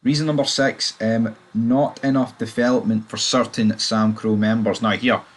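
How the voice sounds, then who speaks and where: A man's voice: lowish voice, flat delivery, moderate pace. A man reviewing a TV show in casual, opinionated chat, rambling with loose asides to the viewer.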